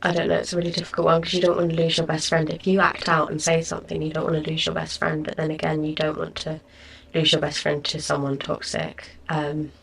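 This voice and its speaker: A woman's voice: deep voice, monotone, fast talker, vocal fry, a little hiss or hum. A young woman hosting a solo podcast, chatting casually and rambling about her day while sounding tired. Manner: chatty, rambling, lots of likes and ums. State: tired, yawning. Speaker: podcast host.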